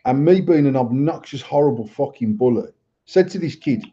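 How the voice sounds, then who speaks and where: A man's voice: mid-range voice, animated, moderate pace, warm tone, slightly rough, dull audio. A British man, a podcast co-host, telling a blunt, sweary story in casual chat. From England.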